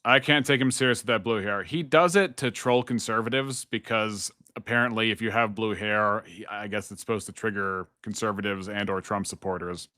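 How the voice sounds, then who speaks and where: A man's voice: on the low side, a little fast, few pauses, bright, forceful tone, no room sound, clean studio sound. A man hosting a live stream who comments on a debate clip and teases his co-host. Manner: wry, teasing. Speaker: channel host.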